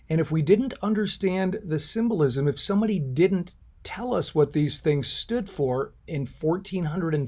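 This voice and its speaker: A man's voice: on the high side, darkish tone. A man giving a recorded art lecture, explaining symbolism in an earnest, explanatory way. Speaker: art instructor.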